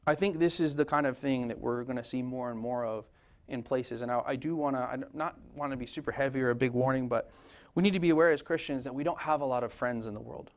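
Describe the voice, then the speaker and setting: A man preaching a sermon as pastor, talking in a conversational, animated way with casual asides. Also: mid-range voice, fast. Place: church sanctuary.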